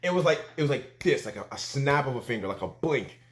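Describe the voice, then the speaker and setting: Animated young man telling a story. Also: medium pitch, fast, slight background noise. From Canada. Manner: animated storytelling, filler-heavy, acts out his own quotes. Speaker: vlogger. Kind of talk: storytime vlog.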